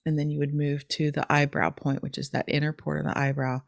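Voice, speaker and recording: A middle-aged woman hosting a podcast, calmly and gently explaining a technique step by step in casual chat. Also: low-pitched, fairly quick, gravelly, dry recording. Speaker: podcast host teaching a technique.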